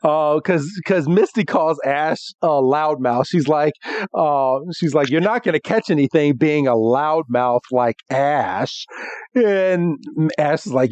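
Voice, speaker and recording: A man with a fairly high, very animated voice recaps a cartoon episode on a podcast, laughing often as he goes. He talks slowly and keeps his sentences loose. The sound is dry, with no room around it. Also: dry recording. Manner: giggly, frequent laughs and fillers while retelling scenes. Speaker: podcast co-host. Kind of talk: casual episode recap chat.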